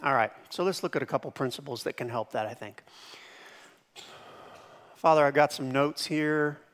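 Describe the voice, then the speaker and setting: A man preaching a sermon as pastor, lively, dropping to hushed tones and bursting into shouted impressions. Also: medium pitch, normal speed, in a large hall.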